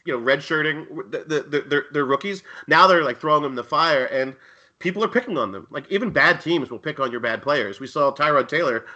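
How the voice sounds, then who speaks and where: A wry man co-hosts a casual sports betting chat, joking his way through wandering sentences. His voice is bright and forward, pitched a little high. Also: fairly quick, highs cut off. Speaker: podcast co-host.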